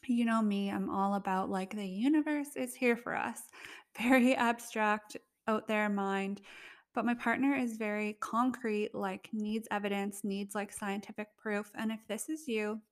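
A woman's voice: medium pitch, fairly even intonation, a little slow. A young adult woman hosting a casual solo podcast, chatty, filling her talk with "like" and laughing often. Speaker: podcast host.

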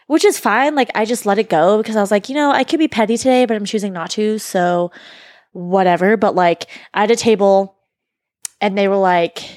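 A young woman co-hosting a casual chat, telling animated stories and swearing freely. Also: mid-range voice, fairly quick, dry recording, studio quality.

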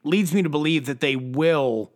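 A man's voice: a little high, moderate pace. A man co-hosting a casual movie chat, with dry, sarcastic remarks. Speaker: podcast co-host.

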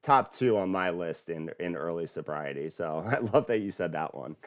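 Podcast co-host guy, lower voice, makes fun of himself but earnest, stretches out words. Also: animated. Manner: self-mocking, earnest, drawn-out emphasis. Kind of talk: casual chat.

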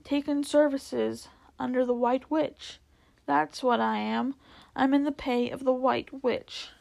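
A sorrowful male fawn, put on by a woman storyteller, drags out each word between sobs and deep groans. His voice sits a touch higher and louder than the narration, with a gravelly edge. He sounds wretched with guilt in a storybook reading. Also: steady tone, full character voice. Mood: ashamed. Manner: slow, sobbing, groaning delivery.

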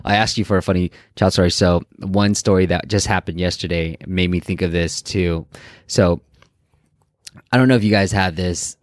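A man's voice: low-pitched, steady tone, moderate pace, dry recording, clean studio sound. A man hosting a podcast, telling a family story in a playful way and laughing easily. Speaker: podcast host. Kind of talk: casual podcast chat.

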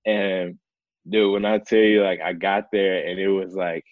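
A young man with a very low, deep voice tells a personal story in an easygoing, heartfelt way, peppering his speech with "like" and "man." The sound is dry and a little dull, as if recorded close to the mic with a muffled, lo-fi tone. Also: a little slow, dry recording. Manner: relaxed, earnest, heavy use of "like" and "man". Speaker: professional baseball player as guest. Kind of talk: casual storytelling in conversation.

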